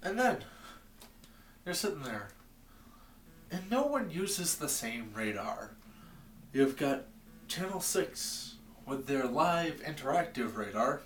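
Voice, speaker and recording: A man's voice: fairly high pitch, very animated, takes it slowly, pauses often, a bit bright, reverberant, distant mic, a little hiss or hum. A man from Maine rambling in a wry, exasperated rant to his camera from his basement. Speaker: vlogger. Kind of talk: comedic rant vlog. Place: home basement.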